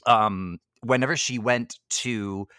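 A man co-hosting a podcast in casual chat, animated and swearing freely as he acts out quotes. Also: mid-range voice, takes it slowly, clear, resonant tone, no echo, clean studio sound. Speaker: podcast co-host. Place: Toronto.

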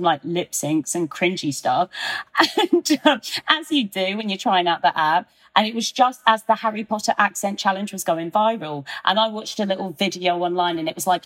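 A young woman in her twenties, a podcast guest talking in a chatty, excitable way. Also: mid-range voice. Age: 20s. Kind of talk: casual podcast chat.

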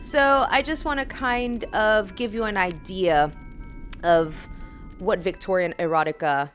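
A woman's voice: medium pitch, a little slow, faint music behind. A woman hosting a podcast in a playful, teasing and suggestive chat, often laughing. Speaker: podcast host.

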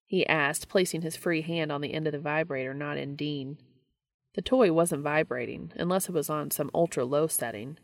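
Low, gravelly woman reading a story. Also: moderate pace, dry recording. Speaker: narrator. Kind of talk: audiobook reading of fan fiction.

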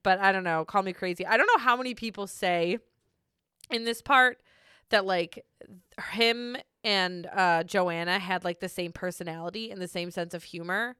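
Young woman, podcast host, bright and smooth, giggly casual recap, dry close sound. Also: mid-range voice, normal speed, no room sound. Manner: chatty, giggly, frequent likes. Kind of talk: casual chat.

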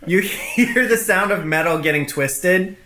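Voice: mid-range voice, lively intonation, unhurried, sharp tone, slight background noise, poor audio. A game master narrating a tabletop game, with a hesitant delivery full of fillers and restarts.

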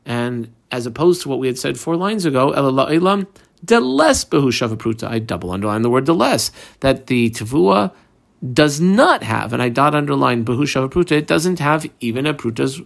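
A man's voice: medium pitch, very animated, fairly quick, creaky. A man teaching a Talmud class, methodically walking through the page line by line and quoting the Aramaic text.

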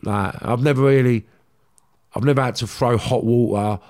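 A middle-aged man, telling stories bluntly in casual chat, full of swearing and halting restarts. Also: medium pitch, steady tone, a little mellow. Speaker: podcast guest.

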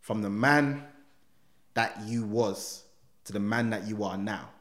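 A man voicing an elderly royal gentleman who speaks softly and kindly. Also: on the low side, slow pace, voice pushed down. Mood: tender.

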